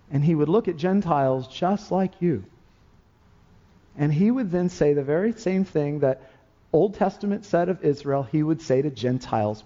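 A man's voice: on the high side, darkish tone, lo-fi sound. A man preaching a sermon as pastor, impassioned and building to emphatic peaks.

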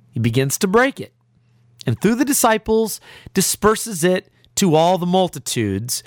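A man's voice: fairly high pitch, no echo, studio quality. A man preaching a sermon, reading scripture aloud and asking the listeners rhetorical questions.

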